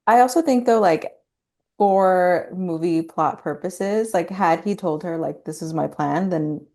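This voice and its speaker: A woman's voice: lowish voice, unhurried, dark tone. A woman co-hosting a podcast, reasoning through a film's plot in casual chat. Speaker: podcast co-host.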